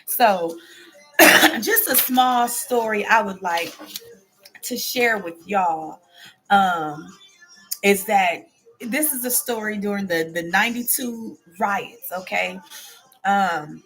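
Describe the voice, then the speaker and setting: A woman's voice: medium pitch, slow, pauses often, a bit bright, faint music behind. A woman in her forties hosting a casual show, telling a story to her viewers and answering their comments aloud, often adding "okay?" and "baby". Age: 40s. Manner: chatty, peppers talk with "okay?" and "baby". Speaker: host.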